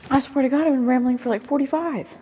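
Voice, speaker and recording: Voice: high-pitched, quick pace, warm tone, in a large hall, slight background noise. A young speaker in their twenties with a Southern US accent, rambling casually and swearing often while moving around their bedroom. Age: 20s. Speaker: vlogger.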